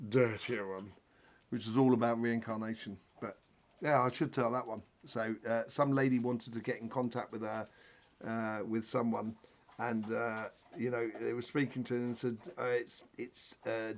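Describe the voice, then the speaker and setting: A man hosting a live spiritual Q&A, talking in a rambling, chatty way with jokes. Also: mid-range voice. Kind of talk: casual live-stream talk.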